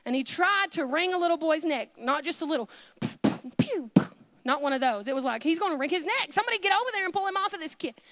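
Fervent high-voiced woman preacher. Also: animated, fast, slight background noise. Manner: fervent, swings between loud exhortation and hushed asides. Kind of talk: Pentecostal sermon.

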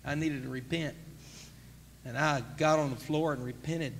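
A man preaching a sermon as pastor, emphatic and rising to near-shouts. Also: fairly high pitch, fairly even intonation, normal speed, gravelly. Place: church sanctuary. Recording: church sanctuary with long reverb, faint noise.

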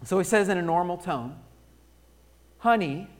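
A male pastor delivers a sermon at a slow, deliberate pace. He tells a story with it, swinging from loud, emphatic points to a near-hush and stretching out the phrases he wants to land. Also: high-pitched, lively intonation.

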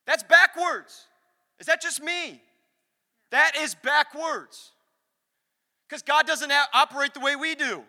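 A young man preaching a lively sermon in a church, acting out the voices he quotes. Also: extremely high pitch, unhurried. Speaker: pastor. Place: church sanctuary. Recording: long hall reverb.

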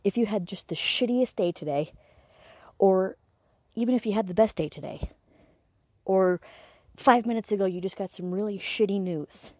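A young woman and meditation teacher tells a story in a loose, chatty way. She acts out her own reactions and swears now and then. Her voice is mellow and warm, recorded close and dry. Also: mid-range voice, moderate pace, long pauses, no echo. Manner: chatty, animated retellings with swearing and laughs. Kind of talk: casual storytelling monologue.

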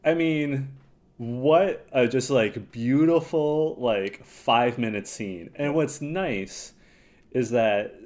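A man's voice: medium pitch, takes it slowly, a little mellow. A man co-hosting a podcast, chatting casually and bluntly about a reality show and laughing often. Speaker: podcast co-host.

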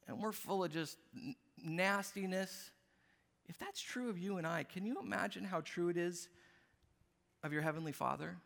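A man preaching a sermon as a pastor, earnest and emphatic, often dropping to a hushed, tender tone. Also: high-pitched, in a large hall.

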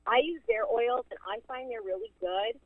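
Lively woman on a tinny phone line. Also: on the high side, moderate pace, no room sound. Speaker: podcast co-host. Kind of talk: casual chat. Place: in her car, on the phone.

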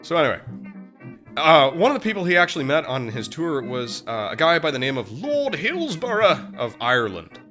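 A man casually telling a history story as a podcast co-host, animated and profane, slipping into voices for quotes. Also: a little high, normal speed, soft background music.

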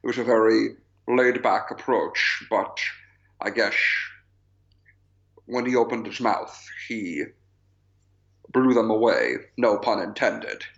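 A man's voice: on the low side, takes it slowly, long pauses, highs cut off. A man co-hosting a podcast, chatting casually about films and laughing often. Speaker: podcast co-host. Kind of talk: casual chat.

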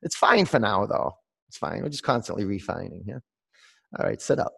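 A man teaching a guided online yoga class, mixing calm meditative coaching with direct instructions and calling students by name. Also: fairly low pitch, fairly quick, creaky, husky.

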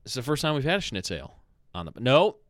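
A man hosting a podcast in relaxed, rambling chat. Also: mid-range voice, fast, no echo, clean studio sound. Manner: relaxed, rambling, with fillers and self-corrections. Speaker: podcast host.

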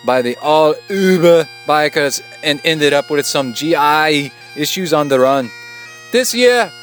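A man's voice: on the high side, pitched above the performer's own voice. A man putting on a hammy Scottish brogue. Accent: put-on Scottish. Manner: loud, exaggerated, hammy. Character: cheerful male Scottish triathlete emailer. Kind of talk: comic reading of a listener email.

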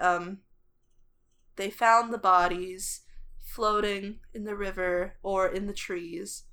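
Bright-voiced woman telling a story. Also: medium pitch. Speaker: podcast co-host. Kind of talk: casual storytelling chat.

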